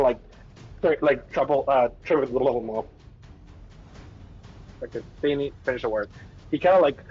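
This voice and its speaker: With a medium-pitched voice, a game master guides a tabletop session, his narration meandering and packed with filler words. Faint music plays under the dull, lo-fi recording.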